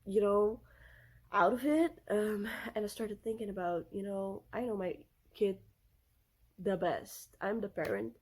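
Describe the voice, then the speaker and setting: A woman's voice: medium pitch, measured pace, darkish tone. A young woman vlogging about parenting, telling stories in a casual chatty way with lots of fillers and restarts. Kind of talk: casual storytelling to camera.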